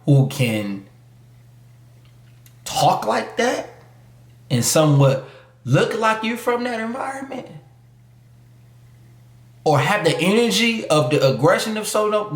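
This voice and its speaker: A man delivers a loose, emphatic monologue packed with street slang, now and then slipping into mocking voices. His voice sits a little high and moves a lot as he talks. The room around him rings with echo. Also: sing-song, takes it slowly, pauses often. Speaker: YouTube commentator. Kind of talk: casual opinion monologue.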